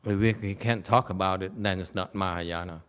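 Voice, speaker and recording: A man's voice: low-pitched, steady tone, moderate pace, fairly bright tone. A man giving an informal Dharma lecture in a temple hall, playful and teasing, laughing often and checking in with "okay?".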